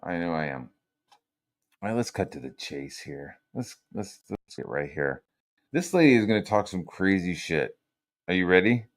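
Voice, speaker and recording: A man streaming casual commentary, rambling and profane, swinging between loud rants and low mutters. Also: expressive, normal speed.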